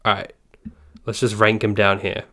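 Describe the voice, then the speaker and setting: A man's voice: lowish voice, completely flat delivery, normal speed, sharp tone. A man hosting a casual live stream who rambles, apologizes often, jokes and keeps interrupting himself.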